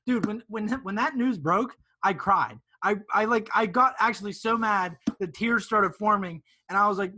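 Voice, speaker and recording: A man's voice: high voice, normal speed, few pauses, sharp tone. A man co-hosting a casual sports podcast, ranting emphatically. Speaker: podcast co-host.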